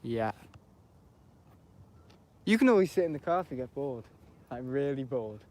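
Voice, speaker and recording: A man's voice: medium pitch, lively intonation, normal speed, darkish tone. Chatty man rambling outdoors. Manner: rambling, chatty, self-correcting. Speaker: planespotting livestreamer. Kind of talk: casual live commentary. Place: outdoors beside an airport.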